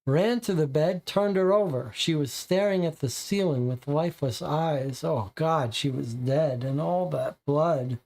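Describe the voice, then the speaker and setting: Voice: medium pitch, a little mellow. A reader voicing a nervous, frightened teenage boy witness who stammers and stumbles over his words. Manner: halting, stammering.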